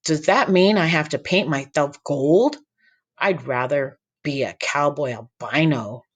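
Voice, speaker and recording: A man's voice: a little high, a little slow, a bit bright, husky, heavily acted. A man voicing an odd, cheeky boy camper who talks with a lisp. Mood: goofy.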